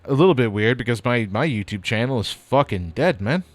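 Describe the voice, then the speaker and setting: A man's voice: medium pitch, expressive, a little fast, dry recording. Rambling, chatty male streamer. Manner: rambling, chatty, casual swearing. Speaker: streamer building model kits. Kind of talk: casual live-stream chat.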